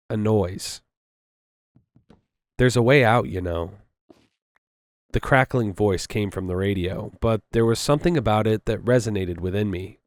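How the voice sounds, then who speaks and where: A man reading a horror story aloud in a measured way. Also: fairly low pitch, darkish tone, no room sound, studio quality. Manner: measured, with casual asides. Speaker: story narrator.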